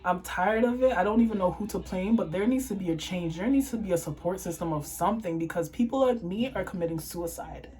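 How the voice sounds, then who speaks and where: A woman's voice: lowish voice, brisk, few pauses, dark tone, poor audio. A young woman from Toronto, Canada, tearful and impassioned, ranting and swearing in an emotional to-camera vlog monologue. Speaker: vlogger.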